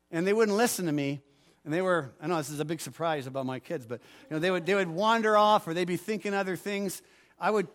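Fervent high-voiced male preacher. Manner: earnest, rising to fervent pleading prayers. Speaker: pastor. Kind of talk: sermon.

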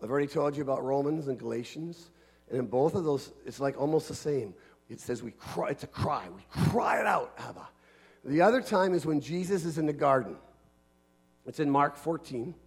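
A man preaching a sermon in an earnest manner, dropping to a hush and then building to shouts. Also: medium pitch, vocal fry, breathy edge.

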